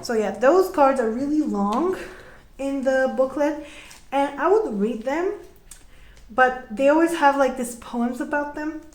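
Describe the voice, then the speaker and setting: A woman's voice: high voice, unhurried. A young woman giving a casual tarot reading, chatty and laughing often, trailing off and restarting her sentences. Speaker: tarot reader. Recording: echoey room.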